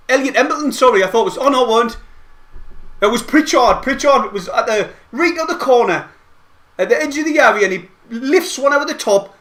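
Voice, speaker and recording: A man giving excitable, rambling play-by-play of a match from home, as host of a fan watch-along. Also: very high-pitched, a little fast. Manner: excitable, rambling fan commentary with mild swearing. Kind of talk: casual live play-by-play commentary. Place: at home, not at the stadium.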